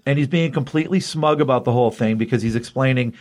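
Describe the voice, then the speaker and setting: A man hosting a casual comic book chat, excitedly retelling a story in a loose, rambling way. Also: mid-range voice, quick pace, few pauses. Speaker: comic book podcast host.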